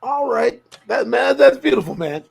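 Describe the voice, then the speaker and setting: Give me a laid-back man hosting a casual chat, voice sitting high with a rough fry. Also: lively intonation, normal speed. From Minneapolis area. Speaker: host.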